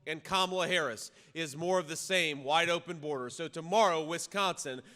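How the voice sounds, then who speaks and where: A man giving a campaign rally speech into a podium microphone, talking conversationally with restarts and repeated words and rising to loud punchy lines. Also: fairly high pitch, moderate pace. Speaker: political candidate addressing a rally. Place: large reverberant rally venue. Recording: long reverb of a rally hall, faint ambient noise.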